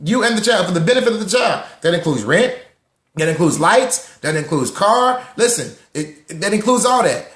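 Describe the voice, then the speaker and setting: A young man hosting a live talk room on money, lively and preachy, repeating lines for emphasis and greeting listeners by name. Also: high voice, moderate pace, reverberant. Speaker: host of a live social audio room on personal finance.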